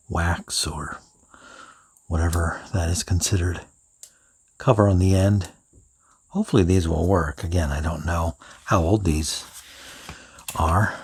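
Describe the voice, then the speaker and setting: A man reviewing pens in an unhurried, thinking-aloud way, now and then dropping into soft whispered asides. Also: deep voice, gravelly, breathy edge. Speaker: pen reviewer. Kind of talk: unscripted product review.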